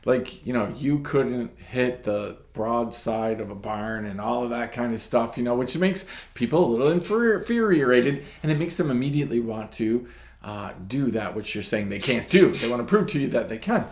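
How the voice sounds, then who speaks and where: A man hosts a casual devotional talk, telling a story with a lively, rising and falling voice. He keeps checking in with the listener with "right?". The sound is roomy and echoey. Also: medium pitch, fairly quick. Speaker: ministry host. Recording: echoey room.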